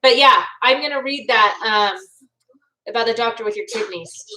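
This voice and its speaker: A woman's voice: a little high, normal speed, sharp tone, far from the mic, low-quality recording. A young woman hosting a casual live stream from home, chatting with viewers and reading their comments in a bubbly, talkative way. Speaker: livestream host reacting to a show.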